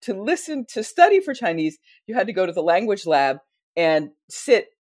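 A woman's voice: mid-range voice, big pitch swings, moderate pace, a little mellow, no room sound, clean studio sound. A middle-aged American woman, a historian, telling a self-deprecating story in a casual interview. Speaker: guest historian. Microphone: wearing headphones at a mic.

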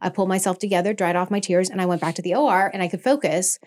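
A middle-aged woman speaking in a slightly low voice, telling her story candidly and earnestly. She talks in a loose, conversational way and often slips into quoting her own past thoughts. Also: fairly even intonation, very fast, a little mellow. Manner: earnest, emotional retelling with quoted inner speech. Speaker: podcast guest, nurse anesthetist and founder.

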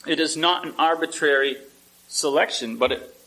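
A man's voice: on the high side, moderate pace, bright, forceful tone, rough recording. A male pastor preaching a sermon in a conversational way, often asking the congregation questions and repeating words as he restarts.

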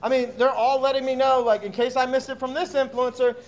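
A man's voice: very high voice, little pitch movement, fairly quick. A man co-hosting a casual live chat, ranting sarcastically and swearing a lot. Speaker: co-host.

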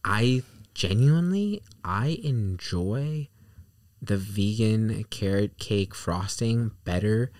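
A man's voice: fairly low pitch, expressive, slow, a little mellow, no room sound, studio quality. A man in a casual chat, musing in a meandering, playful way.

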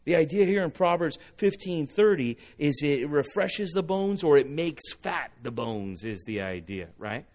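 Man as an animated pastor with a slightly high voice, preaching a sermon and drawing responses from the congregation. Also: a little slow, few pauses. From Southern California.

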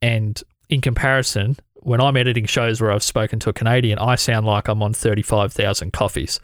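A man's voice: on the low side, fairly even intonation, brisk, no room sound, studio quality. An Australian man hosting a podcast interview, easygoing and chatty as he reads out listener questions. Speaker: podcast host. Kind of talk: conversational interview.

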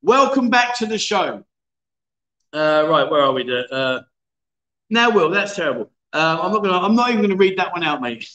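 A chatty host in his fifties, cracking jokes and laughing as he reads viewer comments aloud. His voice sits high and sounds bright and lively. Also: normal speed, reverberant, dull audio. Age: 50s. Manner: jokey, laughing, chatty banter. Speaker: livestream host. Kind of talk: casual livestream chat reading viewer comments. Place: bar in a city.

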